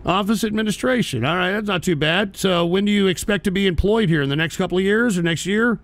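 A man's voice: sits high, quick pace, a bit bright. A man hosting a call-in show, talking crude and ranting with constant swearing. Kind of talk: profane call-in stream chat.

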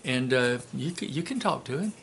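Man doing a blunt folksy guy selling his dog, bright voice. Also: mid-range voice, animated, moderate pace, gravelly, a little hiss or hum.

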